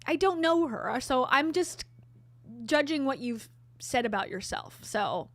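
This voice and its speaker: A woman's voice: high-pitched, expressive, a little slow. A woman hosting her own vlog, telling a story to camera in a chatty, candid way with sarcastic asides. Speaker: vlogger host.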